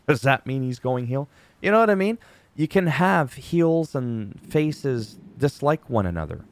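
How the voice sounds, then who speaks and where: A man giving a casual, chatty wrestling recap, animated and quick to act out quoted lines. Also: mid-range voice, no echo.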